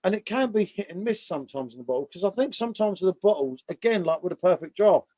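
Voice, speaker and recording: A man's voice: high voice, lively intonation, quick pace, warm tone, dry recording. A man hosting a casual beer chat, blunt and sweary. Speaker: beer channel host.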